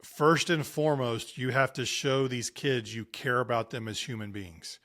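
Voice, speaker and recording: A man's voice: medium pitch, fairly even intonation, normal speed, fairly bright tone. Earnest, emphatic man in his thirties. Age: 30s. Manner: earnest, emphatic storyteller with frequent restarts. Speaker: podcast guest, sports parenting coach. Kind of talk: conversational interview.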